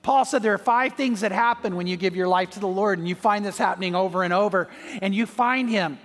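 A man's voice: high voice, brisk, a bit bright, big-room sound, faint music behind. A man preaching a sermon as pastor, telling a personal story and acting out the voices in it. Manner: storytelling, acts out voices in anecdotes.

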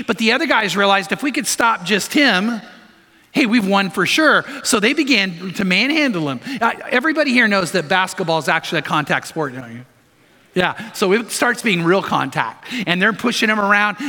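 A man's voice: high-pitched, bright, forceful tone. A man preaching a sermon, telling stories with emphasis and putting rhetorical questions to the congregation. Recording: long reverb of a large hall.

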